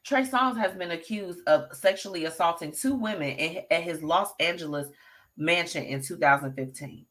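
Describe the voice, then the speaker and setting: Sassy bright-voiced woman host. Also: fairly low pitch, moderate pace. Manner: sassy, chatty, talks straight to listeners. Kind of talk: live show gossip commentary.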